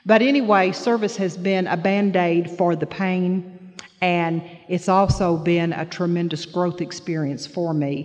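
A woman's voice: fairly low pitch, fairly even intonation, measured pace, darkish tone. An older woman from the Florida panhandle speaking as a grandmother, telling a personal story to a meeting in an earnest, emotional, plain-spoken way. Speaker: speaker sharing at a recovery meeting. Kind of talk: personal testimony to an audience. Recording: hall reverb.

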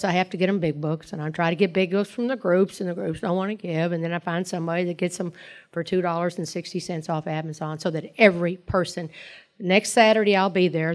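Rambling Southern woman telling her story. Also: fairly low pitch. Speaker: speaker sharing at a recovery meeting. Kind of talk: personal testimony to a group.

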